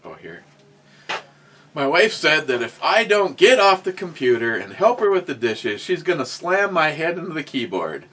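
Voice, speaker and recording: A man's voice: on the high side, sing-song, moderate pace, sharp tone. A man hosting a casual podcast, rambling through a story with many restarts and fillers, and reading out chat comments. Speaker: podcast host.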